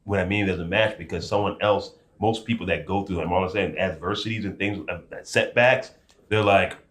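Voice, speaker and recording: A man's voice: deep voice, steady tone, a little fast, fairly bright tone. A male podcast host reflecting emphatically and acting out people's complaints in a motivational interview chat. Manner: emphatic, builds up energy when acting out scenarios.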